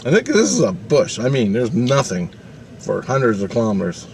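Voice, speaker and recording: A man telling a long, rambling story in a casual, animated way, swearing freely. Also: medium pitch, normal speed, a little hiss or hum. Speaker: vlogger.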